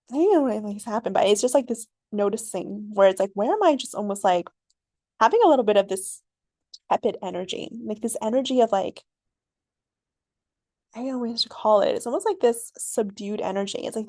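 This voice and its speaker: A woman hosting her own podcast, reflecting out loud in a rambling way, full of fillers and frequent laughs. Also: fairly high pitch, dry recording. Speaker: podcast host. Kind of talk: reflective solo podcast monologue.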